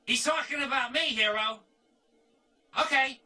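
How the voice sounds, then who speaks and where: A man voicing a jittery, wisecracking sidekick in a video game, in a high, nasal, cartoonish squeal. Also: a little slow, bright, forceful tone, recorded from a distance, full character voice. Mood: cheeky.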